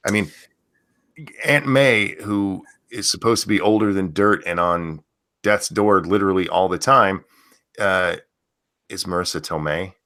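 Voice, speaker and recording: A man's voice: low-pitched, a little slow, pauses often, pushed and bright, dry recording, studio quality. A man co-hosting a casual live stream who rants bluntly and swears freely. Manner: blunt, profane ranting. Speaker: co-host.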